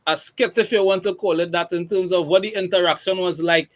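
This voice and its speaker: A man's voice: high-pitched, fairly even intonation, a little fast. A man hosting a casual interview, encouraging his guests with lots of fillers and restarts. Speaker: interview host.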